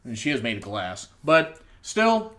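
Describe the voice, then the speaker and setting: A man's voice: medium pitch, very animated, measured pace, a bit bright. A man hosting a casual wrestling review podcast, rambling and joking with plenty of ums. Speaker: podcast host.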